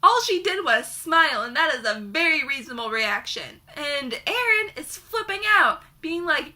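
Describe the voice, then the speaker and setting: Young woman ranting about a book, high bright voice, super sarcastic, swears a ton. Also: expressive, moderate pace, few pauses. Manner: heated, sarcastic, swears constantly. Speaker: book reviewer. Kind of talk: profane book rant.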